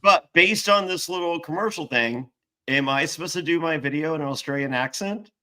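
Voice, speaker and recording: A man's voice: a little high, a little fast. A man co-hosting a casual reality-show recap chat, joking and restarting his sentences. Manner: animated, joking, stumbling restarts. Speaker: podcast co-host, former reality contestant.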